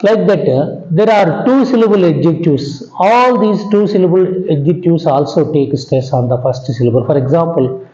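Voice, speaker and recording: A man with an Indian English accent gives a patient classroom lecture in a high, mellow voice. He talks slowly, repeats his points, and keeps checking that his students understand. The sound is echoey and dull, like a lo-fi recording in a bare room. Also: expressive. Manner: slow and repetitive, checks in with "understand?"; drops pitch at the ends of sentences. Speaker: English grammar teacher.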